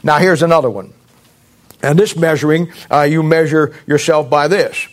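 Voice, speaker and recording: A man's voice: on the high side, normal speed. A middle-aged male pastor preaching a sermon in a blunt, folksy way, with sarcastic asides.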